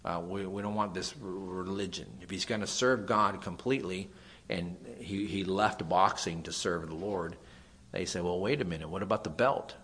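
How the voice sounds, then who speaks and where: A man preaching a sermon, earnest, swinging between raised emphasis and quiet asides. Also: low-pitched, fairly even intonation, moderate pace.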